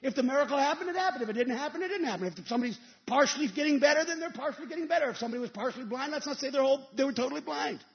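A male evangelist preaching a sermon, telling stories and rising into emphatic shouted peaks. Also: extremely high pitch, lively intonation, racing, few pauses, muffled recording.

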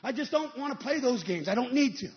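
A male evangelist preaching a sermon, telling stories and rising into emphatic shouted peaks. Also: very high-pitched, lively intonation, quick pace, highs cut off.

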